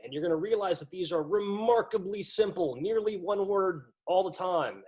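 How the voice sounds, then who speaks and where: A man training lacrosse officials in an instructional talk, lively and acting out what coaches say. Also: a little high. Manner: lively, acts out quoted coaches.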